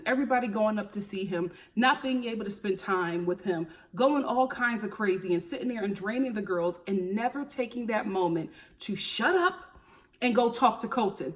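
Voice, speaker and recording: A young woman with a Philadelphia accent recaps TV in a sassy, animated, opinionated way and throws in plenty of slang. Her voice sits a little high for a woman. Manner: sassy and animated, drops slang like honey and girl. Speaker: TV recap vlogger.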